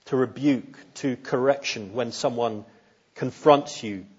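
A man's voice: medium pitch, measured pace, slightly rough, lo-fi sound. A man preaching a sermon in an earnest, searching way, putting pointed questions to his listeners.

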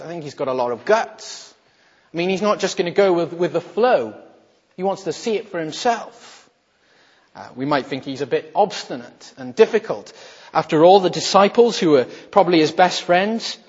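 A man preaches a sermon in a high, husky voice, pressing his points with rhetorical questions and sinking to soft tones for quoted words. The recording is dull and muffled, with a long reverb from a large hall. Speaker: minister.

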